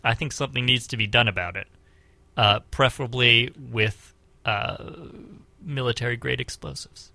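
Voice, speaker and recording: A man's voice: medium pitch, normal speed, creaky, bright, forceful tone, dry recording. A young man co-hosting a student radio show, making dry jokes with small stammers. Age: young adult. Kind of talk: casual comedic radio banter.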